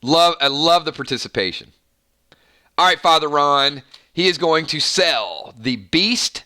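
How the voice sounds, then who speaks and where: A man from the Southern US hosting a live game stream, hyper and rambling with quick asides. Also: on the high side, sharp tone. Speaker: game host.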